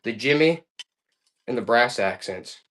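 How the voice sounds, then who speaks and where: A man hosting a live online auction, selling items with hyped-up, excitable patter and loud exclamations. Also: mid-range voice, a little slow.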